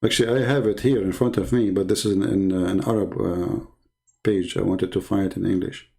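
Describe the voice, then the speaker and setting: A religious debater argues combatively on a live stream, reading and translating source texts while hurling rhetorical questions. His low voice is steady and mellow with vocal fry, and he speaks a little fast. The recording quality is low.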